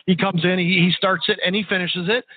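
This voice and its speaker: Fast-talking man on a phone line. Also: sits high, little pitch movement, breathy edge, dry recording. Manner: fast, repeats words while thinking. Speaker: interview guest, sales executive. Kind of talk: casual interview chat. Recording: narrow phone-line audio.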